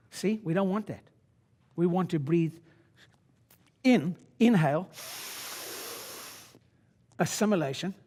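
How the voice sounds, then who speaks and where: A man in his sixties, a chiropractor giving a live seminar talk, blunt and swaggering with salty language and sudden loud shouted bursts. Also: fairly high pitch.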